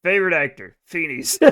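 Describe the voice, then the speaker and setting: With an extremely high, pushed and bright voice, this American streamer rambles casually to his viewers while playing a game. He's profane and self-deprecating, frequently starting over mid-thought.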